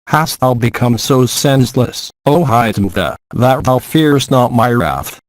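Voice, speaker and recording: A hungry, wrathful man-eating demon who hurls scornful old-fashioned threats, as a man reads him aloud. The voice sits at a middling male pitch. It is recorded close, with no room sound. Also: expressive, measured pace, no room sound, lightly acted. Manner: scornful, archaic speech.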